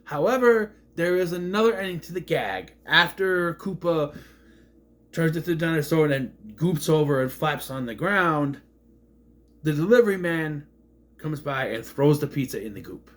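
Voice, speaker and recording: A man casually recapping a movie, rambling with fillers and slipping into quick voice impressions. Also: fairly high pitch, lively intonation, a bit bright.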